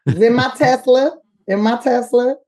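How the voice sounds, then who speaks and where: A woman telling a story with animated, slangy energy as a comedian guest. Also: fairly high pitch, measured pace.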